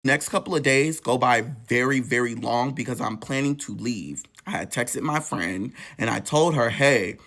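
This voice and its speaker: A man telling a painful personal story in an emotional, profane, animated way. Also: medium pitch, moderate pace, hardly any pauses. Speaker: storytelling vlogger.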